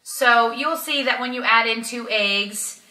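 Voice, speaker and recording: A woman's voice: on the high side, unhurried, pushed and bright, distant mic. A woman vlogger giving casual, chatty instructions with frequent ums, talking about meal planning. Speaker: keto vlogger. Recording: echoey room, a little off-mic.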